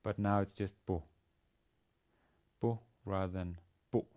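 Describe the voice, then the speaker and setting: A man lecturing on a language lesson, speaking haltingly with many fillers and restarts. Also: sits low, fairly even intonation, a little mellow. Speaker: university lecturer.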